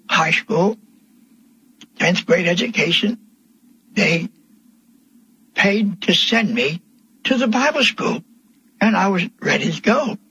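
An older man preaching a sermon, telling his testimony slowly and emphatically, with voice rising into cries. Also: high voice, fairly bright tone, breathy edge, dry recording, lo-fi sound. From Pennsylvania, USA.

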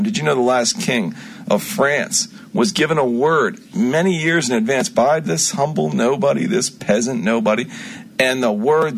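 A man speaking as a self-styled prophet in an unscripted radio monologue, rambling, with frequent restarts and sudden swings from loud to quiet. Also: medium pitch, breathy edge.

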